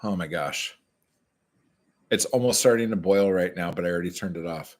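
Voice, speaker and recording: A man chatting casually with viewers and reading his own poems on a livestream from a dim room at home, swearing often and reading the verse slowly. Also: deep voice. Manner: profane, chatty, slow deliberate reading.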